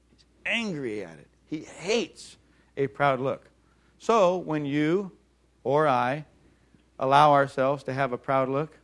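A man preaching a sermon in an animated way, acting out voices and calling on the congregation to respond. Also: mid-range voice. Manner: animated, acts out mocking voices, calls for audience response.

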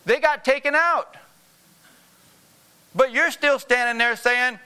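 A man's voice: very high-pitched, slow pace, bright, forceful tone, clean tone. A man preaching a sermon with emphatic repetition, often asking the congregation to answer back.

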